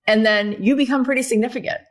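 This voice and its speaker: A woman guest on a podcast, telling stories in a lively, chatty way, full of "like" and "right?". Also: fairly high pitch, quick pace. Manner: animated storyteller, many fillers like "like" and "right?". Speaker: guest, author and podcast host. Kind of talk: casual podcast conversation.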